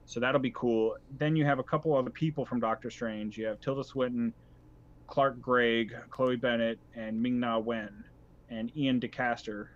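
A man's voice: mid-range voice, steady tone, normal speed, dull audio. A man co-hosting a podcast in casual chat, talking in an enthusiastic, rambling way with frequent restarts. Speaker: podcast co-host.

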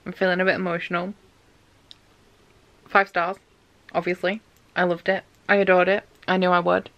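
A woman's voice: fairly low pitch, little pitch movement, normal speed, highs cut off. A young woman chatting casually in a book diary, gushing about what she reads and saying "like" a lot. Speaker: book vlogger.

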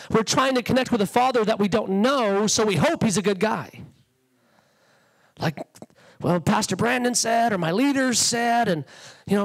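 A man's voice: high voice, low-quality recording. A man preaching a sermon as a guest speaker, passionate and conversational, acting out little quotes. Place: church sanctuary.

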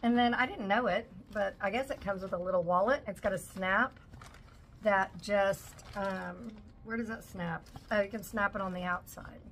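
A woman's voice: medium pitch, normal speed, a bit bright, slight background noise. A woman in her forties chatting casually at home as she unboxes a shopping haul, gushing over each item. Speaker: vlogger.

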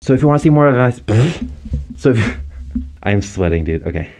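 A man's voice: medium pitch, lively intonation, normal speed, creaky, far from the mic. A young man giving a casual, joking tier-list commentary as a YouTuber, playful and self-mocking.

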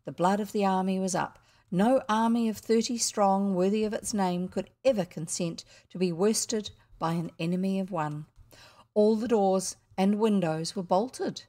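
A woman with a New Zealand accent reading a classic children's story aloud, expressive with the odd slip and restart. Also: medium pitch, moderate pace. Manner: expressive, occasional slips and restarts. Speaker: audiobook reader.

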